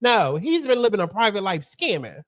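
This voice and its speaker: A woman's voice: mid-range voice, big pitch swings, moderate pace, over music. A woman hosting an opinionated pop-culture commentary, talking bluntly and emphatically with plenty of profanity. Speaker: commentary host.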